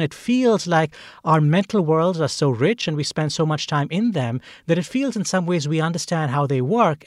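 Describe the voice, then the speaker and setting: A man hosting an interview conversation, speaking in a thoughtful, measured way with occasional restarts. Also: on the high side, no room sound, clean studio sound. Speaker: host.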